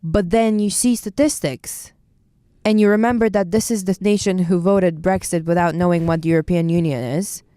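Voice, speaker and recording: Young woman, smooth low voice. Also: dry recording, clean studio sound. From Bulgaria. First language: Bulgarian. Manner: animated, opinionated, quick asides. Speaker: podcast co-host, university student. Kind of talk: casual podcast chat.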